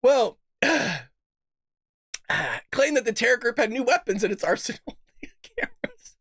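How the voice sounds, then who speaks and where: A man hosts a casual political commentary show in a gravelly voice. He rants, laughs often and swears freely. The sound is dry and close. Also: very high voice, normal speed, fairly bright tone, dry recording. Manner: ranting, laughs a lot, swears. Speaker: podcast host.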